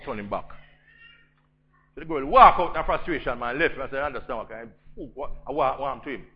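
A man with a Jamaican accent preaching a storytelling sermon, swinging between loud emphasis and hushed intensity. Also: on the low side, dull audio, slight background noise.

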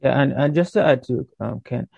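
A man's voice: mid-range voice, normal speed, creaky, a little mellow, slightly rough, dry recording, lo-fi sound. A man in a group bible discussion, speaking earnestly and emphatically while citing scripture. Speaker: bible study participant.

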